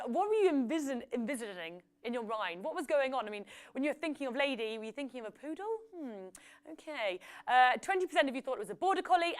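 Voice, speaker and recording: A woman hosts a live quiz show, reading out questions and percentages. Her voice sits a little high, and she drifts into chatty, joking asides between the answers. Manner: chatty, jokey asides, reads out poll results. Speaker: quiz host. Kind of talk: live app quiz hosting.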